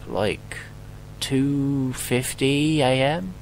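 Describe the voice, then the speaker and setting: A man's voice: low-pitched, animated, a little slow, fairly bright tone, a little hiss or hum, low-quality recording. A young man commenting casually on a horror game as he plays, joking, swearing and yelping at scares. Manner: joking, swearing, jumpy exclamations. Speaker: gameplay commentator.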